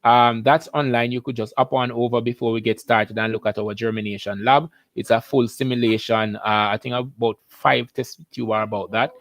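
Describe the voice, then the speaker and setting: A man's voice: mid-range voice, steady tone, moderate pace, few pauses, no room sound. A Jamaican man, a biology teacher, hosting a live-stream lesson, chatty and upbeat as he greets viewers by name.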